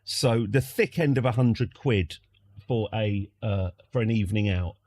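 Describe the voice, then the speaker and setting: A man's voice: fairly low pitch, a little slow, darkish tone, no room sound. A British man streaming from home, telling a casual story in a rambling, wry way with lots of restarts. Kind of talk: casual anecdote.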